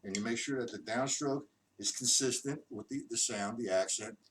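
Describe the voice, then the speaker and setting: A man's voice: medium pitch, moderate pace. A man teaching drums in a live stream, counting beats aloud in a loose, chatty way. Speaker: drum instructor. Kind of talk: live-streamed drum lesson. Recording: distant mic, loud background noise.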